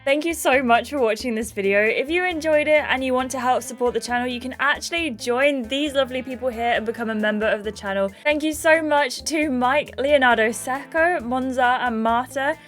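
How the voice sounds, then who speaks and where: A young woman giving casual gaming commentary as a YouTuber, reading the game's text aloud and reacting in a chatty, expressive way. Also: sits high, fairly quick, few pauses, soft background music.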